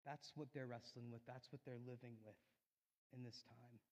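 A man preaching a sermon in a church, telling a personal story earnestly, rising loud and then dropping soft. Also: mid-range voice, fairly even intonation, normal speed. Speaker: pastor. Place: church sanctuary. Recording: long hall reverb.

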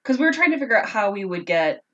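A woman's voice: medium pitch, sing-song, fast, sharp tone, highs cut off. A woman co-hosting a casual podcast, retelling an old story in a chatty, joking way. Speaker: podcast co-host.

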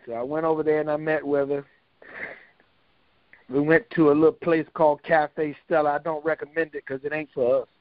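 Older man, folksy joking storyteller, slightly high voice, dry sound. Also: flat delivery, fairly quick, no room sound. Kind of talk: casual storytelling. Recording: dull, lo-fi dry recording.

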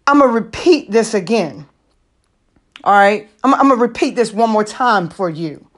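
A woman's voice: fairly high pitch, animated, a little slow. A woman hosting a motivational monologue, talking emphatically, repeating her phrases and checking in with the listener. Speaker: host.

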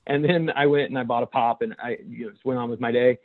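A man's voice: mid-range voice, steady tone, fast. A man, a chaplain and podcast co-host, telling a story in casual chat and laughing as he goes. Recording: tinny phone-like line.

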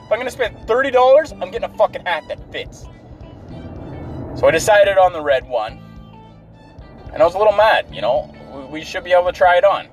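A man with a high, light voice rants about his day, swearing freely and sounding fed up throughout. He talks from inside a car, with faint music playing in the background. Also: lively intonation, fairly quick, pauses often. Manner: profane, exasperated ranting. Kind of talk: ranting story.

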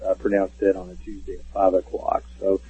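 Here a man phones into a laid-back radio interview and tells stories at length, stumbling through fillers and restarts. He speaks briskly in a low, husky, dark voice with a completely flat delivery, heard through a tinny phone line.

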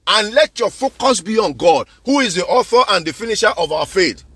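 A male preacher with a high-pitched, husky, sharp-toned voice delivers an expressive, brisk sermon in a dry, close recording. Fervent, he keeps returning to the same words for emphasis and presses his listeners with direct questions.

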